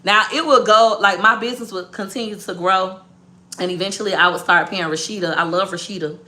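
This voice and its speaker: A woman business owner telling a story to her viewers in a blunt, profane, animated way. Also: mid-range voice, a little fast.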